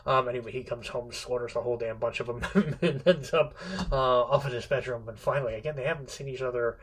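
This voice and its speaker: A man's voice: medium pitch, fast, fairly bright tone, husky. A male literature teacher retelling a story in a casual, rambling classroom lecture, often restarting his sentences and slipping in the odd swear word. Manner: rambling, many restarts, playfully quotes characters; irreverent, occasional swearing.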